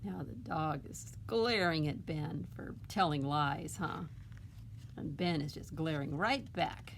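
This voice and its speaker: A woman's voice: sits low, slow pace, creaky, a little hiss or hum. A woman reading a picture book aloud at a library storytime, asking the children questions and adding coaxing "huh?" tags.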